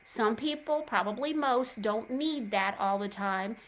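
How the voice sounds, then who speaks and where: A woman's voice: fairly high pitch, measured pace, slight background noise, low-quality recording. A middle-aged woman, hosting a show and telling a chatty story straight to her listeners. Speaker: host. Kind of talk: casual chat.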